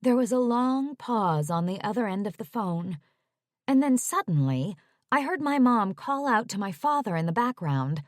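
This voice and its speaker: A woman's voice: medium pitch, sing-song, moderate pace, no room sound, studio quality. Woman reading a romance audiobook. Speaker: audiobook narrator. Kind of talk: first-person romance audiobook narration.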